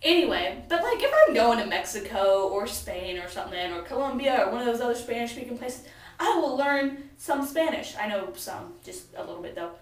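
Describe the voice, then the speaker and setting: A woman's voice: fairly high pitch, animated, fairly quick. A young American woman vlogging in a casual, rambling, giggly way with lots of fillers. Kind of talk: casual chat to camera. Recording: echoey room, mic at a distance.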